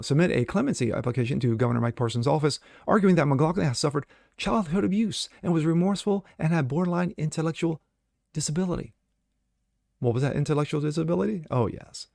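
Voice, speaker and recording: Male host, solo commentary; sarcastic, filler-heavy delivery, gravelly voice, close and dry. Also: medium pitch, a little mellow, dry recording. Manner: blunt, sarcastic, many fillers. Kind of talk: solo commentary reading news and opining.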